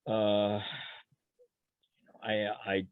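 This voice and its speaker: A man's voice: lowish voice, monotone, drawn-out words, clear, resonant tone, no echo. An older man, a historian guest in an academic webinar, talking hesitantly with many restarts and fillers over a video call. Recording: tinny phone-like line, dry.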